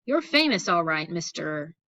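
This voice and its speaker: A woman voicing a raspy, gravelly old female math teacher in an audiobook, scolding in clipped commands. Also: lowish voice, big pitch swings, a little slow, sharp tone, muffled recording, full character voice. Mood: stern. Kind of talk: audiobook character voice.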